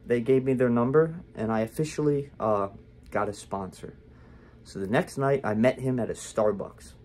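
A man's voice: mid-range voice, moderate pace, darkish tone. A young man talking candidly to the camera in a casual vlog, rambling with lots of fillers and restarts. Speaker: vlogger.

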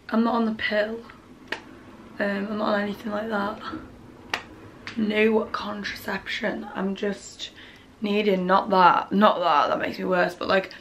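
A woman's voice: medium pitch, fairly bright tone, a little hiss or hum. A young woman chatting candidly to camera in a home vlog, grumbling and sometimes dropping to a murmur. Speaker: vlogger. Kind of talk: casual vlog chat. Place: at home, bedroom.

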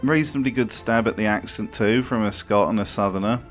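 Dry, sardonic man, low voice. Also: fairly quick, faint music behind. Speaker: video essay host. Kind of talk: comedic commentary.

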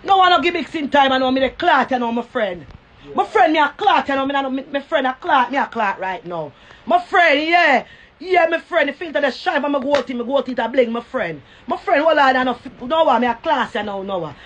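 A boastful drunk man brags about his gold teeth in a slurred, rambling drawl, as a Jamaican woman mocks him by dropping her voice low. It comes through a phone live stream. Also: animated, fairly quick, a bit bright, lo-fi sound, a little hiss or hum. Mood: mocking.

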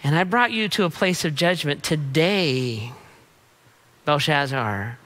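A middle-aged man, a pastor, preaching an emphatic sermon with rapid-fire repeated refrains. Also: on the high side, lively intonation, fairly bright tone.

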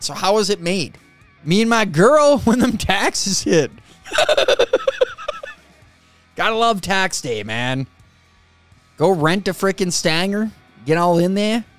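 A man from central Minnesota hosting a reaction video, animated and laughing a lot as he comments on clips. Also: high-pitched. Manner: animated, laughs often, says "dude" and "man".

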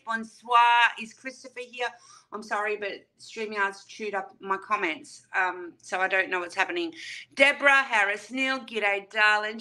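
Aussie woman chatting on a livestream, bright voice, takes her time, calls everyone darling. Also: mid-range voice. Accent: Australian. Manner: chatty and affectionate, greeting viewers by name with pet names. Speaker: livestream host. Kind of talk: casual livestream chat reading viewer comments.

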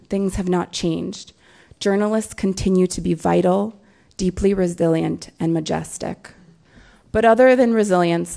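A woman lawyer giving a prepared symposium talk, measured and emphatic. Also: lowish voice, vocal fry, dark tone. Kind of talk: prepared speech.

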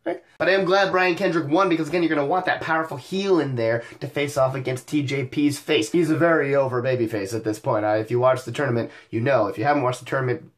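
A young man hosting a wrestling show recap, talking energetically with wisecracks and sudden excited outbursts. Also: medium pitch, quick pace, few pauses. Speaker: wrestling podcast host.

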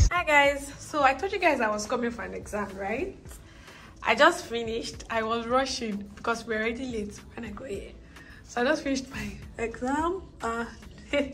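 A young Nigerian woman talks straight to her camera in a loose, chatty vlog voice, dropping Pidgin phrases into her English. Her voice sits fairly high, and faint music plays under her. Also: a bit bright. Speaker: vlogger. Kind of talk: casual vlog chat to camera.

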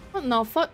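A woman's voice: very high-pitched, a bit bright. A woman streamer giving live gameplay commentary, exasperated, swearing and laughing often.

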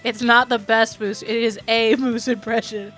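A woman's voice: on the high side, flat delivery, a bit bright, soft background music. A woman streamer chatting casually and rambling, laughing easily and talking straight to her viewers. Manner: chatty, rambling, quick laughs, addresses chat. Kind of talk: casual live-stream chat.

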